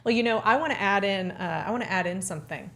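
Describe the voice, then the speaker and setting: A woman's voice: mid-range voice, fast, a bit bright. A woman in her thirties co-hosting a live marriage show, upbeat and laughing in casual chat. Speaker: co-host.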